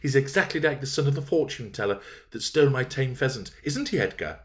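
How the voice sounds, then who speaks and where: A man's voice: mid-range voice, animated, fast, voice pushed up, lightly acted. A man voicing a petulant, lisping spoilt young girl in a novel reading. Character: spoilt little rich girl, tattling.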